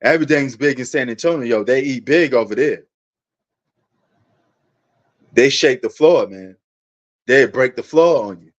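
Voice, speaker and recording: A man's voice: mid-range voice, moderate pace, muffled recording. A man hosting a sports livestream, rambling in a laid-back, casual way and talking straight to his viewers.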